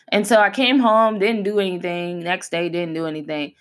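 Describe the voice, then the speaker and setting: A woman in her thirties speaks in a slightly low voice as a podcast host. Her talk is candid and heartfelt, loose and conversational, and she leans on repeated phrases to drive each point home. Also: fairly even intonation, normal speed. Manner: conversational and heartfelt, with emphatic repetition.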